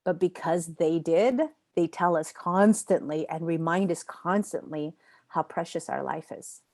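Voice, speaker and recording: Yoga teacher-training instructor, woman with a lowish voice, chatty and emphatic, answers students by name. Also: a little slow, a little mellow. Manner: emphatic, repeats phrases for effect, laughs often. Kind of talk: live online class lecture.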